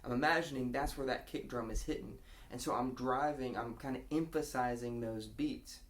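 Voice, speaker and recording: A man's voice: medium pitch, normal speed. A man giving a casual guitar lesson, explaining a strumming pattern and counting beats aloud. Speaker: guitar teacher.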